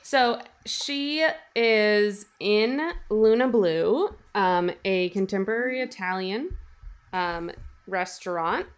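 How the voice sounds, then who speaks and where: A woman's voice: mid-range voice, clear, resonant tone. Easygoing woman podcast co-host. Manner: relaxed, summarizes chapters with many ums. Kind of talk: casual book chat.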